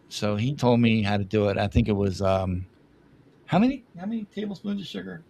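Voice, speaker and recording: A man's voice: mid-range voice, sing-song, fairly quick, creaky, a little mellow. A man telling rambling family stories on a podcast, laughing often at himself. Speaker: podcast guest. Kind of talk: casual storytelling.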